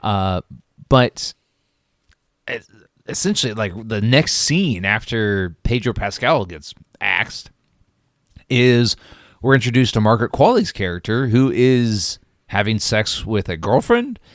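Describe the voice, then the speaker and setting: Low-voiced man giving a halting film review. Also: big pitch swings, no room sound, studio quality. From Florida. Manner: halting, with many fillers and restarts. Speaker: podcast co-host. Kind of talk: casual film review chat.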